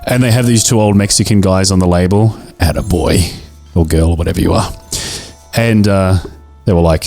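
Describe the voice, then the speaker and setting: A man hosting a gaming video, chatting casually and jokingly as he plays, talking to the game's characters with sudden bursts of excitement. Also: fairly low pitch, normal speed, soft background music. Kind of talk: casual gameplay commentary.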